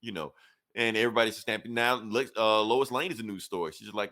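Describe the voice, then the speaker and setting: Man, fairly low voice, casual comic review chat, animated plot retelling, quoted character voices. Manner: animated retelling that acts out characters' lines in quick quoted snippets. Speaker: podcast co-host reviewing comics.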